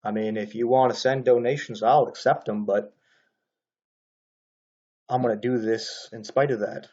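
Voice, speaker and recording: A man talks his way through a casual commentary, rambling and restarting his sentences, padding them with "uh" and "you know." His voice is mellow and relaxed. The recording is dull and lo-fi. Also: mid-range voice, moderate pace, husky. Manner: rambling, frequent fillers and restarts.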